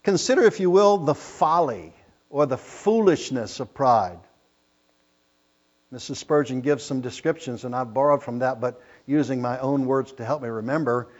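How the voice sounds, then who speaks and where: A man's voice: mid-range voice, normal speed. Emphatic preacher man, muffled recording. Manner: emphatic preaching, rising loud on scripture quotes. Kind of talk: sermon.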